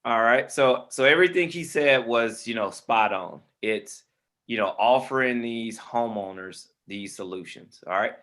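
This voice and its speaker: On a video call, a man teaches a real estate webinar in an informal, friendly way, calling listeners "man" and "brother." His mid-range voice is a bit bright and unhurried.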